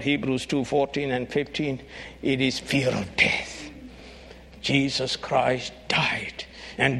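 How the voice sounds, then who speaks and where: A man preaching a sermon, emphatic and rising to shouts on key phrases. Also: mid-range voice, vocal fry.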